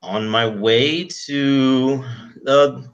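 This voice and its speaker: A man's voice: mid-range voice, fairly even intonation, extremely slow, highs cut off. A man voicing a posh, tense young male traveler in a stiff, clipped voice for a tabletop game. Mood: stiff, awkward.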